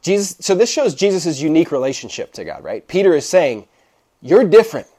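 A young man preaching a sermon in a relaxed, conversational way. His voice sits a little higher than most men's and rises and falls a great deal, and he keeps checking in with his listeners as he explains. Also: brisk. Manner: casual and animated, checks in with the audience often. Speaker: pastor.

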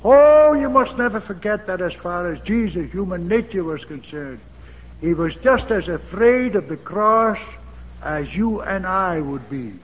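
A man's voice: high voice, lively intonation, a little slow. A man preaching a sermon, emphatic and repetitive, with fervent exclamations. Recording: dull old sermon tape in a reverberant hall with faint hiss.

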